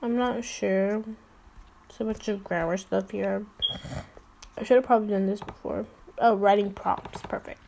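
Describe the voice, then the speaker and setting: A woman's voice: medium pitch, steady tone, measured pace, vocal fry, long pauses, mellow, a little hiss or hum, rough recording. A teenage girl hosting a pretend talk show, rambling and giggly, with lots of fillers. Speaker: host. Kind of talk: casual chat with mock interview.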